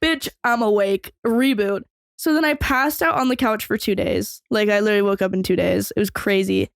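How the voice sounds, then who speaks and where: A young woman tells a story in a loose, rambling way, leaning on filler words and swearing freely. Her voice sits at a middle pitch for a woman. The sound is close and dry, with no room echo. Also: fairly even intonation, fairly quick, gravelly. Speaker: podcast host. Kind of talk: casual storytelling.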